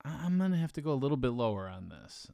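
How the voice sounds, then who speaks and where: A man's voice: mid-range voice, big pitch swings, quick pace, gravelly, dark tone, no echo. Dry-sounding man co-hosting a podcast. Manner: hesitant, thinks aloud with fillers and jokes. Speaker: podcast co-host. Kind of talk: casual chat.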